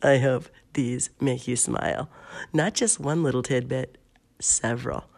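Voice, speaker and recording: A woman's voice: a bass voice, unhurried, vocal fry. A woman hosting her own podcast, speaking in a chatty, affectionate monologue while she is sick. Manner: warm-hearted, chatty, laughs easily. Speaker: podcast host.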